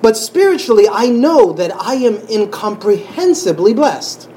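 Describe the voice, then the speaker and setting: A man sharing a personal faith testimony in an emotional, halting way, often restarting his sentences and sighing. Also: sits high, big pitch swings, warm tone, a little hiss or hum, rough recording. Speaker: church member sharing testimony.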